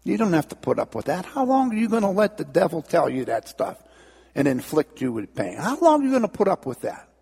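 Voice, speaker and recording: God, as a preacher speaks him, urgent and challenging, with each question climbing higher. A gravelly voice rings in a long reverb. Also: male voice, very animated, brisk, darkish tone, exaggerated voice. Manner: urgent, rising.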